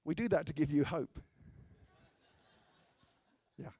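The voice is on the high side yet dark in tone, and he speaks slowly in a dry recording. He is a British man giving a comic sermon, acting out the people in his anecdotes with self-mocking, understated humor.

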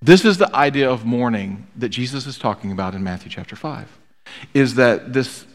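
A man preaching in a church with earnest, emphatic delivery, circling back on key words to press them home. His voice sits at an ordinary middle pitch. The sound carries a long reverb from the hall around him. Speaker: pastor. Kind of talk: sermon.

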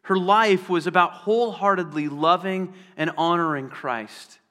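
A man preaching a sermon in an earnest way, slowing down and repeating phrases for emphasis. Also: high-pitched, sharp tone. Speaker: pastor. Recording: long hall reverb.

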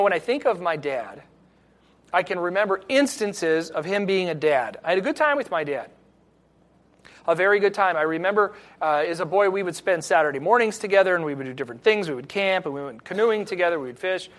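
A middle-aged male pastor giving an earnest, reflective sermon with personal stories. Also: high-pitched.

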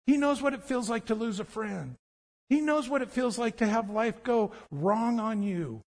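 A man's voice: extremely high pitch, normal speed. A man preaching a sermon as pastor, telling stories with animation and acting out the voices of the people in them. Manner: animated storytelling, acts out voices. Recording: long hall reverb.

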